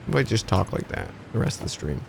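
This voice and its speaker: A man's voice: low-pitched, very animated, a little fast, creaky, noisy background. A man streaming a factory game, chatting casually with his viewers and swearing offhandedly. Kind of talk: casual gaming commentary.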